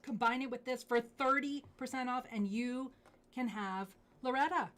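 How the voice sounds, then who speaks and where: A woman hosting a live jewelry sales show, gushing over pieces and dropping into hushed asides. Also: fairly high pitch, fairly even intonation, moderate pace. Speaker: jewelry live-stream host.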